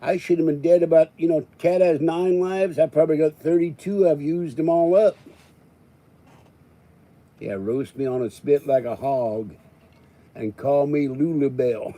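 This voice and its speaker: A man's voice: on the high side, a little slow, pauses often, mellow. A man hosting a live stream, rambling and joking as he chats. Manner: joking, rambling, chuckling often.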